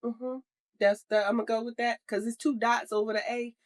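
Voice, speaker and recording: A woman's voice: a little high, flat delivery, a little fast. A woman co-hosting a podcast in casual chat, rambling and playful, laughing often. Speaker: podcast co-host.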